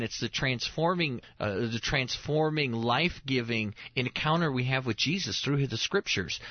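Chuckling pastor telling home stories. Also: male voice, fairly high pitch, husky, no echo, muffled recording. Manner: storytelling, chuckles often, restarts mid-phrase. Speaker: pastor and show host. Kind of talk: casual chat on a talk show.

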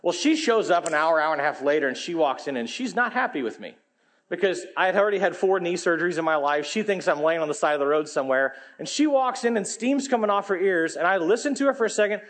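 High-voiced pastor telling a funny story. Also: male voice, quick pace. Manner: folksy, humorous, animated storytelling. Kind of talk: sermon storytelling.

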